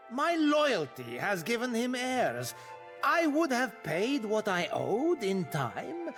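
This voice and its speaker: A drunken, boastful sailor in a jail cell for a fantasy game, with a high voice that swoops widely. He talks slowly and theatrically, wheedling and grandiose. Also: exaggerated voice. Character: drunken boastful jailed sailor, middle-aged man. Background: game music.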